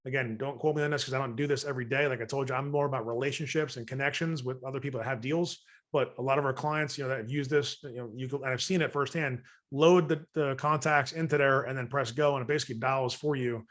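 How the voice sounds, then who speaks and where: Running an extended webinar for real estate investors, this coach talks fast in a steady, medium-pitched, slightly bright voice. Between jokes with his listeners, he acts out example phone calls.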